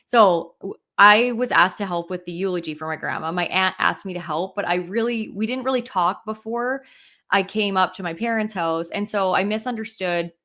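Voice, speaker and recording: A woman's voice: mid-range voice, moderate pace, sharp tone. A young adult woman co-hosting a podcast, telling a personal story in casual chat with many "like" fillers and open emotion. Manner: emotional, heavy use of "like" fillers. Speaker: podcast co-host.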